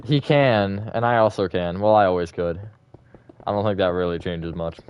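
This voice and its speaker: A man's voice: low-pitched, moderate pace, clean tone, highs cut off. A man streaming a building game live, chatting casually and reacting to viewer comments. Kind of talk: live gaming stream chat.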